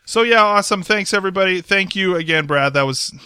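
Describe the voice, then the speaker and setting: Bright, crisp upbeat podcast host. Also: male voice, high-pitched, fast, no echo. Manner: upbeat, runs the segments. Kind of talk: casual chat. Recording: music faintly behind.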